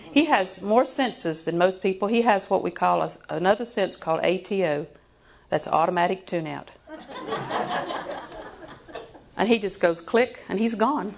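A woman in her sixties preaching a sermon in a folksy, joking way, sometimes dropping to a hushed voice for emphasis. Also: medium pitch, vocal fry, slight background noise.

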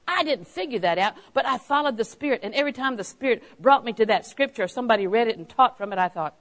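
A woman's voice: on the high side, animated, fast, few pauses, low-quality recording. A woman preaching a sermon, stressing key phrases by repeating them and telling anecdotes with a chuckle.

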